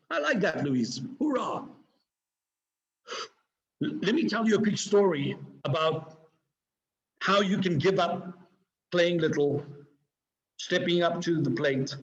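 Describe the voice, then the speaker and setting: A man giving an energetic, preachy motivational talk to a live online audience, swinging his pitch and pace for emphasis. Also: dull audio. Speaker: motivational speaker. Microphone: video call.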